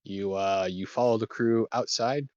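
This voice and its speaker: Give me a hesitant, low-voiced man as game master, on dull lo-fi stream audio. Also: fairly even intonation, measured pace, a little mellow, no echo. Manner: hesitant, lots of "kinda" and "uh". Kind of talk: narrating a tabletop game.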